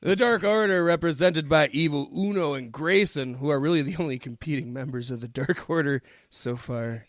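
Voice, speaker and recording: A man's voice: fairly high pitch, moderate pace, few pauses, dry recording, studio quality. A man co-hosting a casual wrestling podcast, trading crude banter and laughing. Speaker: podcast co-host.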